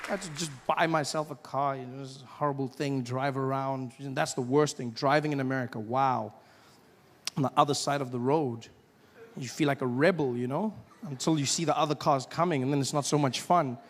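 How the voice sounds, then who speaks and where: A young man from South Africa with a South African accent, telling stories in a stand-up comedy set and bursting into loud acted shouts. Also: mid-range voice, fairly even intonation, fairly quick, in a large hall. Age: 20s.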